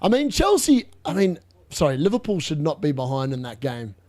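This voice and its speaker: A young man with a fairly high voice, hosting a live fantasy football stream. He chats loosely and reacts excitably to each score update. His close mic gives a dry, tight sound with no room around it. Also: brisk, dry recording. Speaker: fantasy football livestream host. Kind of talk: live watchalong commentary.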